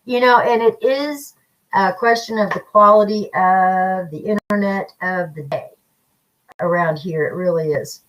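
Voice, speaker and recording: Over poor audio, a woman with a medium-pitched, slightly slow voice hosts a casual psychic livestream, chatting with viewers in a feisty, blunt way. She coughs slightly from paint fumes.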